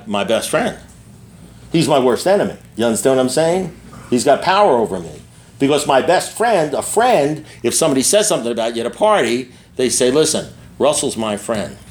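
An older man speaking candidly to a recovery meeting, blunt and profane, repeating himself and often checking in with his listeners. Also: mid-range voice. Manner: blunt, repetitive and profane, with frequent asides to the listeners. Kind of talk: candid personal talk to an audience.

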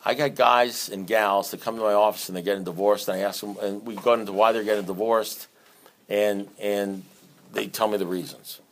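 Here the middle-aged man, who works with divorcing couples and sponsors others in recovery, sounds on the low side and speaks at normal speed, with slight background noise. Unscripted and streetwise, he's blunt, rambling, often restarting or repeating himself, and sometimes animated.

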